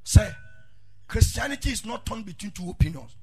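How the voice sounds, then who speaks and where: A male pastor preaching a sermon, dropping low and then rising into sung, shouted lines. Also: expressive, a little fast, slight background noise. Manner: swings from murmuring to sung shouts. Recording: faint music behind.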